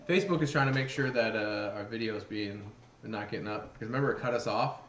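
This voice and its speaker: A man's voice: lowish voice, brisk. A man co-hosting a casual live show, telling stories animatedly, acting out voices and laughing often. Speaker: podcast co-host. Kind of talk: casual chat. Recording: echoey room with faint noise.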